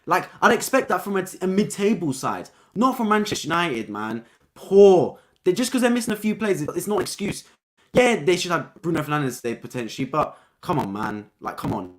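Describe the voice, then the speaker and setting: His voice sits high and his delivery is brisk as this young man hosts a live football review stream. Excited and casual, he repeats himself and finishes lines with "man."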